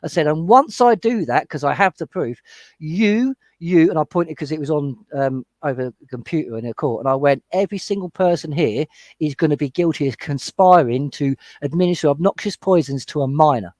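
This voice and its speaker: A man on a panel discussion, talking fast and heatedly as he retells his own run-ins in casual chat. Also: fairly high pitch, expressive, darkish tone, no echo. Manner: heated, retelling confrontations with quoted exchanges. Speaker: panel guest.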